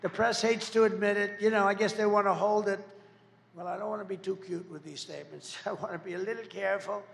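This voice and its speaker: A man's voice: high voice, steady tone, quick pace, creaky, long reverb tail. A man giving a rambling, repetitive rally speech as a political candidate, jabbing with insults and asides. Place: large campaign event venue.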